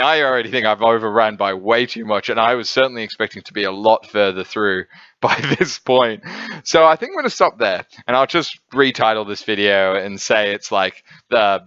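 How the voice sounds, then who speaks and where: An enthusiastic man recaps and reviews a comic in a loose, rambling monologue full of fillers, speaking from a home setup. His voice sits somewhat low but sounds bright and crisp. The recording is dry and close, with a slightly dull, lo-fi sound. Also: moderate pace, no room sound. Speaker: manga and anime reviewer. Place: home setup, filmed at night. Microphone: camera setup.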